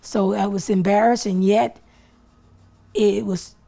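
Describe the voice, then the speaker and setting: Gravelly, mellow-voiced woman, emotional. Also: medium pitch, fairly even intonation, slow pace. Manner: emotional, plain-spoken, speaks of faith. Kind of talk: interview.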